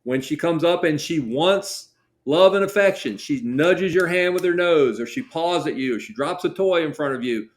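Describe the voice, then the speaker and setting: A middle-aged man, a guest dog trainer, chats casually in an interview at a moderate pace, his voice a little high with lively intonation. He tells stories and acts out the dialogue of his clients.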